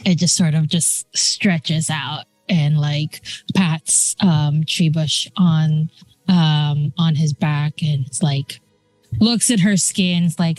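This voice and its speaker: A woman player describing her character's actions hesitantly, with many pauses. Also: low-pitched, a little mellow, soft background music. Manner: hesitant, lots of fillers.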